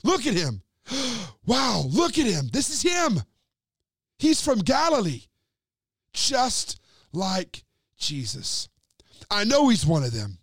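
A man's voice: high voice, a little fast, hardly any pauses, dry recording, studio quality, heavily acted. A man voicing an insistent bystander who points someone out in a crowd during a sermon story. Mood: excited. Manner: excited, insistent.

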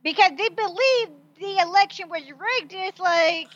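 A woman co-hosting a podcast in casual chat, quick and emphatic with a sarcastic edge. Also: extremely high pitch, fairly bright tone, lo-fi sound. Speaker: podcast co-host.

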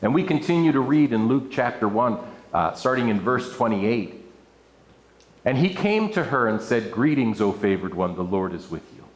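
Man, pastor, sermon, expressive preaching, lively pitch, echoey room. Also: normal speed. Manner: expressive preaching with scripture reading and playful asides. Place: church room with an audience.

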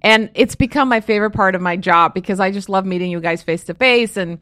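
A woman author guesting on a call-in radio show, talking effusively and warmly to callers with lots of "like" and "literally.". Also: mid-range voice, fairly quick, dry recording, clean studio sound. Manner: gushing, effusive, many fillers like "like" and "literally". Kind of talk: radio interview, advice to callers.

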